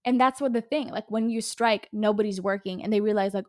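With a mid-range, steady voice and a fairly quick pace, a twenty-something podcast host from California goes on a heated, casual solo rant. Her talk is profane and full of fillers.

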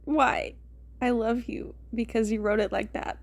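A woman's voice: a little high, steady tone, unhurried. A young woman hosting a comedic reading of fan fiction, rambling and wry, often stopping to comment. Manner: rambling, self-interrupting, wry. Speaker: host.

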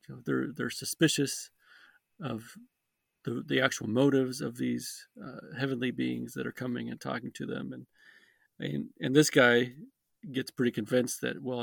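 A man's voice: medium pitch, creaky, slightly rough, dry recording. A man co-hosting a podcast, talking casually and hesitantly about a book with many fillers. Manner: hesitant, fills with "you know". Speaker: podcast co-host.

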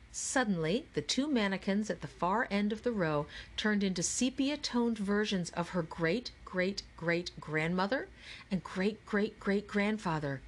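A woman narrating an audiobook with clear, steady storytelling. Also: medium pitch, measured pace. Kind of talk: scripted narration.

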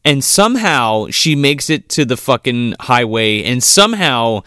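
A man co-hosting a podcast, recapping a movie in profane, animated casual chat and acting out the characters' lines. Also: medium pitch, unhurried, smooth, dry recording, clean studio sound. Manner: profane, animated retelling with acted quotes. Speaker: podcast co-host.

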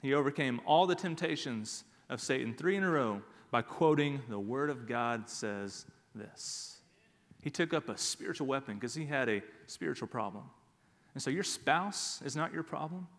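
A man's voice: medium pitch, expressive, normal speed, long reverb tail. A man preaching a sermon as pastor, emphatic and repeating his key phrases.

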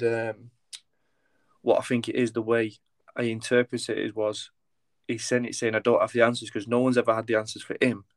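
A man's voice: medium pitch, no room sound. Hesitant conversational man. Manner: conversational, hesitant, many fillers. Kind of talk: casual podcast conversation.

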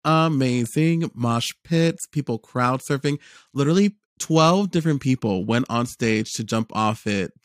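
A young man in casual chat, telling a lively story with lots of fillers and repeated words. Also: medium pitch, measured pace, no room sound, clean studio sound.

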